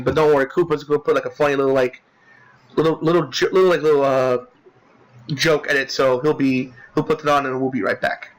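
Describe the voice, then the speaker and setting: A man's voice: mid-range voice, fairly bright tone, poor audio. Rambling young man commenting on a game. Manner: rambling, many fillers and restarts; indignant about a character. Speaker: let's play commentator.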